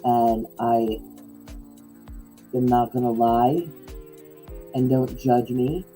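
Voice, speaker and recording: Podcast co-host, middle-aged woman, rambling casual chat, very warm mellow tone, soft music under. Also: a bass voice, fairly even intonation, very slow, low-quality recording. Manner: rambling, full of likes and restarts.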